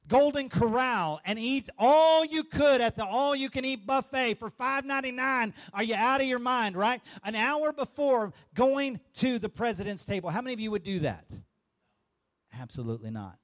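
A male pastor preaching a sermon with call-and-response and bursts of shouting. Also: sits high.

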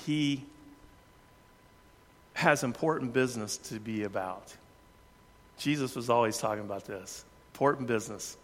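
Male preacher, earnest sermon delivery, average pitch, reverberant hall. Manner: earnest, varies pace and loudness for emphasis.

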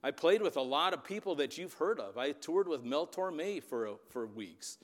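This fifties-aged Upper Midwest preacher, who also leads youth, narrates a story during a sermon and keeps checking on his audience. His pitch runs fairly high, his delivery is animated, and his speed is normal. A large hall's long reverb surrounds the recording.

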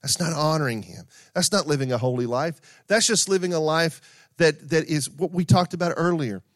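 A man's voice: on the high side, normal speed, no echo, studio quality. A middle-aged man preaching a sermon in a conversational way, with asides, repetition and everyday stories. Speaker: pastor.

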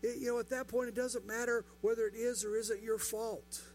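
High-voiced man preaching a sermon. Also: fairly even intonation, a little fast, a little mellow, soft background music. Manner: rhetorical questions, repetition for emphasis. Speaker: pastor.

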